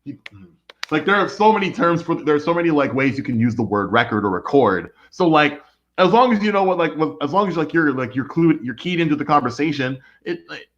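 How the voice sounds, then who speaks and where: Rambling young man, lively pitch, lo-fi. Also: fairly quick. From United States. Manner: rambling, heavy on fillers like "like". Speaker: podcast co-host. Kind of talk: casual chat. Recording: dull lo-fi recording.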